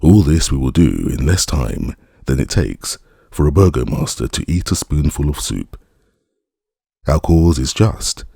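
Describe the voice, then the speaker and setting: A man's voice: very deep voice, sing-song, a little slow, vocal fry, mellow, breathy edge, no echo, studio quality, exaggerated voice. A man voicing a boastful young male rogue in armor in an audiobook, with rowdy, swaggering declamation.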